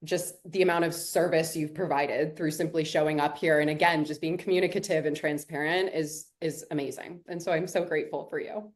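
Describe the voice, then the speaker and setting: A middle-aged woman with a slightly low voice hosts the interview as a coach. She talks in an encouraging, affirming way and often pauses mid-thought with a "you know.". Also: fairly even intonation. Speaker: program coach and interview host. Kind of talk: warm supportive interview talk.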